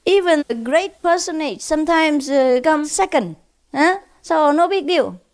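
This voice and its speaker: A woman's voice: high voice, expressive, measured pace, pitched above the performer's own voice. A woman doing a consoling referee. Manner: soothing, reassuring. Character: consoling male football referee.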